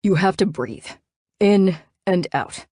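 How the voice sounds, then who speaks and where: A woman voicing a gruff, irritated young male nightclub owner with a raspy, curt delivery in a romance audiobook. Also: fairly low pitch, animated, moderate pace, darkish tone, no echo, clean studio sound. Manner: terse, curt.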